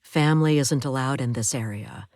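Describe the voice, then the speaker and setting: A woman reading a calm recovery-room nurse in an audiobook, speaking in a soothing, reassuring way. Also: very deep voice, moderate pace, dry recording, clean studio sound.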